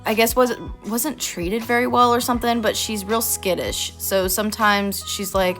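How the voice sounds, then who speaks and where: A woman's voice: medium pitch, fairly even intonation, normal speed, few pauses, a bit bright. A woman artist talking casually over her drawing, earnest and heartfelt, rambling a little. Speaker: artist vlogger. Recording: faint music behind.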